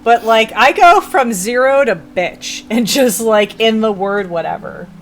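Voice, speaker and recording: A woman's voice: on the high side, a little slow, slight background noise. A woman in a casual chat, telling stories expressively and acting out her own reactions. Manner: expressive, acts out quoted reactions. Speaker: stream host.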